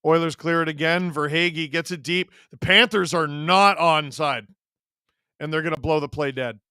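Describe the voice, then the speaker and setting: A man hosting a live watch-along, calling the game play-by-play in an excited way and breaking into shouts on big plays. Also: on the high side, normal speed, clean tone, no echo, clean studio sound.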